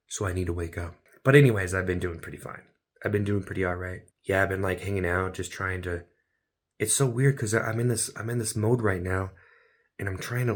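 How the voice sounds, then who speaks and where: A vlogger with a lowish, slightly breathy male voice addresses his viewers in a meandering stream-of-consciousness monologue. It's packed with absurd rhyming wordplay and swings between near-whispers and sudden outbursts.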